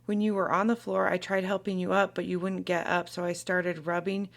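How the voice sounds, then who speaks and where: A woman's voice: fairly low pitch, flat delivery, brisk, creaky. A woman reading aloud a young woman's text messages as she defends herself in an argument, with little acting. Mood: defensive.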